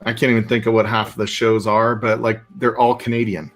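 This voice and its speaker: A man's voice: fairly low pitch, flat delivery, fairly quick, fairly bright tone, faint music behind. A man from the United States chatting casually as co-host, laid-back with casual swearing. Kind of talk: casual chat.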